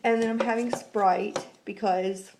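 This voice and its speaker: Chatty woman with a creaky voice. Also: steady tone, a little slow, noisy background. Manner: chatty, rambling, acts out quotes in a high voice. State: recovering from flu. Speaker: vlogger. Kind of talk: casual vlog chat.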